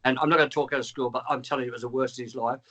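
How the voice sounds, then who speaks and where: Speaking very fast in a mid-range voice, a man who used to be a trainer calls in and tells a long, animated story. He swears constantly and performs the dialogue.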